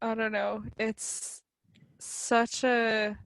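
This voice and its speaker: A woman's voice: on the high side, little pitch movement, extremely slow, gravelly, fairly bright tone, no echo, rough recording. A woman in her thirties co-hosting a podcast, talking casually and filling her speech with "like". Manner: chatty, peppered with "like". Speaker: podcast co-host. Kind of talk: casual chat.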